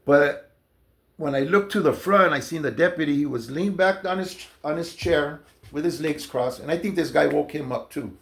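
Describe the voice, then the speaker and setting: Man, raised-pitch gravelly voice, rambling conversational storyteller. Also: normal speed, fairly bright tone. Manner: loose, conversational, many fillers and restarts. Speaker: storyteller recounting jail experiences. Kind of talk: casual storytelling monologue.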